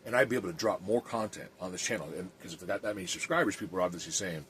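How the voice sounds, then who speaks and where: A man's voice: low-pitched, rapid-fire, a bit bright, slight background noise. A man who is an evangelist and podcast host, talking earnestly and plainly with some restarts and reading aloud.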